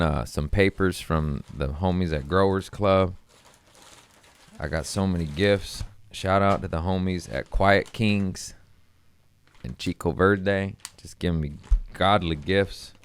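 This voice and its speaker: A man's voice: low voice, clear, resonant tone. A young adult man, a comedian, rambling casually and profanely, laughing between lines.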